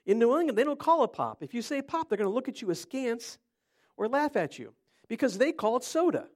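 A man's voice: extremely high pitch, very animated, brisk, a little mellow. A middle-aged man from Ohio preaching an interactive sermon, chatting with his listeners and quizzing them by name. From Cleveland, Ohio.

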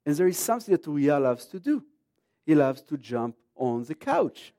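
Brief: male preacher in his thirties, emphatic, moves between hushed and loud delivery. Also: a little high, sing-song, normal speed, dry recording, studio quality. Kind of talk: sermon.

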